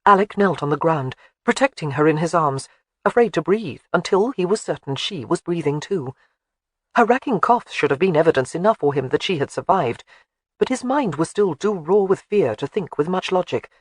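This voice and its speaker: Male audiobook narrator, dramatic and expressive, higher register, dry close mic. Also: moderate pace, no room sound. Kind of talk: scripted narration.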